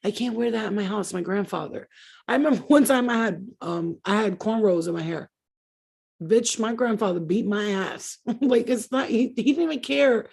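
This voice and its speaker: A woman's voice: medium pitch, normal speed, gravelly, slightly rough. A middle-aged woman hosting a livestream, telling profane, laughing stories in casual chat. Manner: profane, laughing, animated storyteller. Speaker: livestream host.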